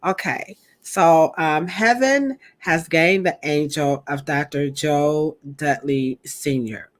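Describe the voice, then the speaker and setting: A woman co-hosting a hair podcast in a chatty, animated way, turning often to her co-host. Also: deep voice, slow. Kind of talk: casual podcast chat.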